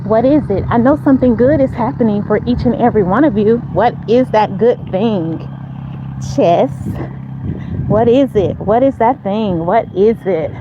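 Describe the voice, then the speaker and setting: A woman's voice: fairly high pitch, moderate pace, highs cut off, background noise. A woman hosting a casual live chat while walking outdoors, speaking straight to her viewers, repeating herself and urging them on. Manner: walking as she talks, upbeat and encouraging. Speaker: host. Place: outdoors on a neighborhood street. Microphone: phone held while walking.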